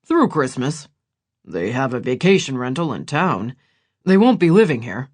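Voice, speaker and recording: A man voicing Gideon, an earnest ex-soldier older brother, in a quiet, measured audiobook reading. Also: mid-range voice, very animated. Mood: reflective. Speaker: audiobook character voice.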